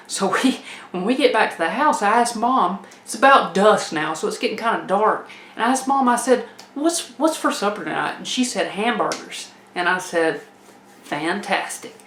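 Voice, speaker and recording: A woman telling a comic tale in a folksy, animated way, laughing as she goes. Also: medium pitch, normal speed, roomy sound, slight background noise. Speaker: storyteller. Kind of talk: comedic personal storytelling.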